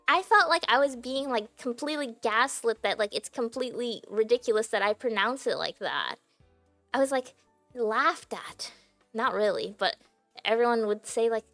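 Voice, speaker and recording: A woman's voice: fairly high pitch, lively intonation, moderate pace, fairly bright tone, dry recording, faint music behind. A young adult woman streaming, chatting casually to her viewers, giggly and filling her talk with "like". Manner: chatty and giggly, heavy use of "like" fillers. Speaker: livestreamer.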